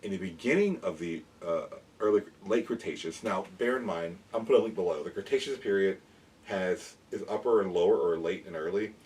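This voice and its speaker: A man eagerly explaining dinosaurs in a casual show-and-tell, rambling with quick restarts as he holds up figures. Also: low voice, darkish tone. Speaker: dinosaur educator and toy collector. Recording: mic at a distance, faint background noise.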